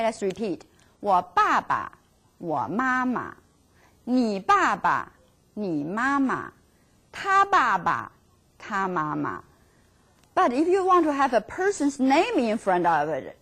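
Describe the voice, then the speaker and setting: Slow, lively Mandarin-accented woman teaching. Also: mid-range voice, slightly rough. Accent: Mandarin Chinese. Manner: slow, drawn-out model words for repetition; encouraging, rephrases herself mid-sentence. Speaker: Chinese language teacher. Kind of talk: classroom language lesson.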